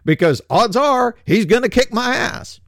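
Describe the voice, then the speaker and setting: A man's voice: very high-pitched, lively intonation, a little slow, no echo, studio quality. An older man hosting a political commentary show, talking in a blunt, coarse and mocking way and laughing often as he makes fun of things. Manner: blunt, coarse street talk. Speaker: host.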